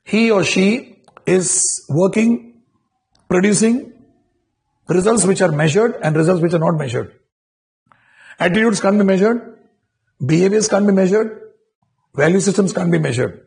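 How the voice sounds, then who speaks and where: Male corporate trainer, slightly high and gravelly, lecturing with rhetorical check-ins. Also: measured pace, long pauses, darkish tone. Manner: repetitive restarts, rhetorical questions.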